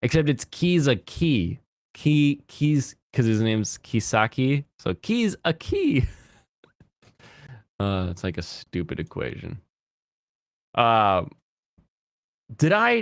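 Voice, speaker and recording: A man's voice: medium pitch, clean tone, no room sound, clean studio sound. A man in his thirties chatting casually as a streamer, rambling and giggly. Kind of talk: casual chat.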